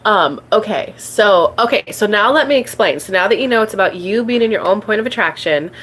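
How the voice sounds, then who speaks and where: A woman's voice: mid-range voice, lively intonation, a little fast, fairly bright tone, husky. A woman hosting a spiritual coaching live stream, chatting casually and filling her talk with "like" and "um". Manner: chatty, peppered with "like" and "um", reads viewer comments aloud.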